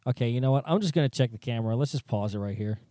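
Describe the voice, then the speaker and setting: A man's voice: medium pitch, rapid-fire, mellow, no room sound, clean studio sound. A man hosting a podcast in casual chat, rambling and swearing, often laughing at himself. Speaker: podcast host.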